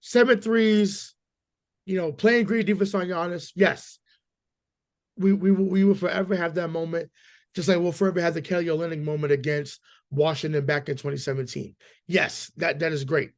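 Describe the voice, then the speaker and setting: Hoarse male sports-podcast co-host, slightly high voice, ranting hard with stammered restarts. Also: steady tone, brisk. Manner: emphatic, profane, stammering repeats. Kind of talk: casual sports chat.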